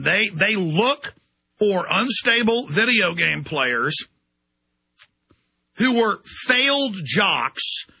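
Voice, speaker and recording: A man hosting a call-in radio show, ranting forcefully at his callers from a studio microphone. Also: high voice, gravelly, husky, no room sound. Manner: forceful, ranting, mocks others in put-on voices. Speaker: radio talk show host.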